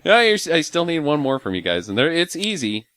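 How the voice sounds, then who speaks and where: A man's voice: on the high side, big pitch swings, fairly quick, fairly bright tone, clean tone, no room sound. A man hosting a casual movie podcast, upbeat as he runs the segments and a quiz game. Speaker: podcast host and quiz master.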